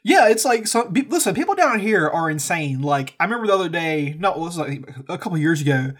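A man's voice: sits high, big pitch swings, fast. A man co-hosting a podcast, joking crudely and rambling through stories in casual banter. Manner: profane, joking, rambling storyteller. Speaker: podcast co-host.

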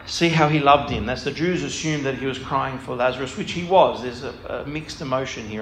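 A man's voice: medium pitch, fairly quick, few pauses, a bit bright. A man giving a casual talk on scripture, reading passages aloud and explaining them in a digressive, thinking-aloud way. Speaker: Bible study speaker. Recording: echoey room with faint background noise.

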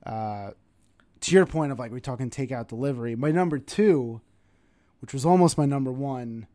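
A young man with a New York accent co-hosting a podcast in casual chat, animated and teasing, laughing often. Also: medium pitch, normal speed, no room sound. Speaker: podcast co-host.

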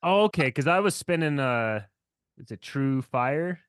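A man's voice: a little high, animated, a little slow, fairly bright tone, clear, resonant tone. A man co-hosting a podcast in casual conversation, laid-back and swearing casually. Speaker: podcast co-host.

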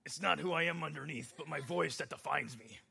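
A man doing a playful parody of a brooding, gruff masked male superhero in a low, gravelly voice. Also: a little fast, pushed and bright, full character voice. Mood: mock-grim.

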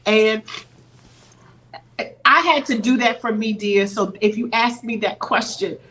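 Podcast guest, woman, middle-aged, slightly high voice, earnest and teary storytelling. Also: unhurried, fairly bright tone, slight background noise, poor audio. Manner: earnest, acts out quoted voices. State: teary-eyed. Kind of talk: emotional storytelling.

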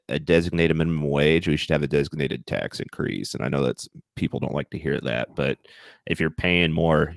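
Podcast co-host: young American man, low and gravelly, dry close mic, loose and profane. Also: dry recording. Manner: animated, swearing, laughing often. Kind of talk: casual podcast chat.

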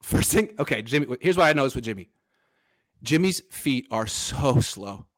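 A man's voice: medium pitch, expressive, normal speed. A man hosting a casual sports podcast, animatedly breaking down football film and chatting with his father. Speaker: podcast host.

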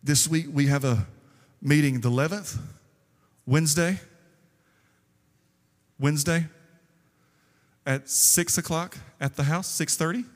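A male pastor preaching a sermon, telling stories lively and acting out the quotes. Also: fairly high pitch, moderate pace, hardly any pauses. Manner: lively storytelling with acted quotes. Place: church sanctuary. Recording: long hall reverb.

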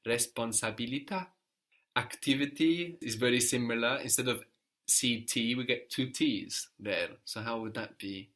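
A man's voice: mid-range voice, a little slow, fairly bright tone. A man teaching a language lesson, patiently prompting a student and explaining grammar step by step.

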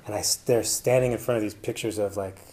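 A man's voice: lowish voice, fairly even intonation, quick pace, dark tone, a little hiss or hum. A man presenting to an audience in a casual personal style, rambling with many fillers and restarts. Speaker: conference presenter.

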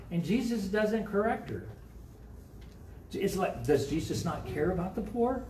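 Conversational Midwestern pastor preaching in an echoey church. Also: male voice, high voice, expressive, normal speed, dark tone, a little hiss or hum. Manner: conversational, asks the congregation questions. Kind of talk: sermon. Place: church sanctuary. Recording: echoey room, mic from a distance.

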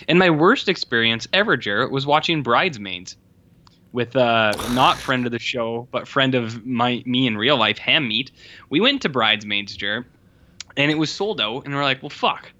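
A man's voice: mid-range voice, pushed and bright. A man co-hosting a podcast in casual chat, loose and swearing freely, acting out the lines of people in his stories. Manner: loose, swears freely, acts out quoted dialogue. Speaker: podcast co-host. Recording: slightly dull, lo-fi sound.

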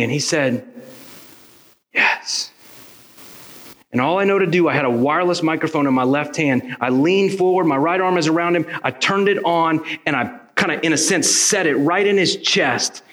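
A pastor telling a personal story in a sermon, acting out the voices of the people in it. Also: male voice, a little high, brisk, few pauses. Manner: animated storyteller acting out dialogue.

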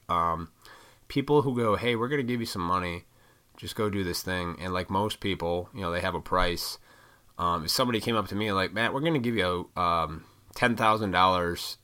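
Young male podcast host, low and bright-toned, a profane, opinionated ranter. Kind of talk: casual rant.

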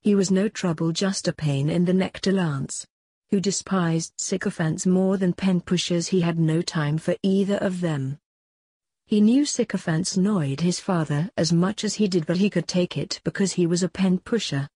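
A woman narrating a story aloud in an even, unhurried way, with a husky voice. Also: fairly low pitch, dry recording, studio quality. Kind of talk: storybook reading.

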